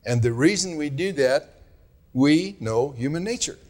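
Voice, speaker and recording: A man's voice: fairly high pitch, lively intonation, darkish tone. A man preaching a sermon as pastor, earnest and admonishing, leaning hard on his key words. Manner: earnest, admonishing, drawn-out emphasis.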